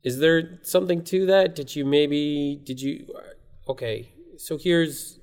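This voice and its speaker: A man's voice: fairly high pitch, takes it slowly, a little mellow, smooth. A man hosting a podcast, interviewing a comedian guest with teasing, playful questions. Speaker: podcast host. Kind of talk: casual interview. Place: comedy club.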